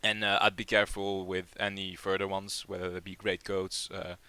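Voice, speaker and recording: A man with a very low, resonant voice hosts a live community Q&A, rambling along with fillers and repeated words. His tone is bright and forceful, and the sound is dry and close. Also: flat delivery, moderate pace, clear, resonant tone, no room sound. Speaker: project lead hosting a community AMA. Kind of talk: casual live Q&A chat.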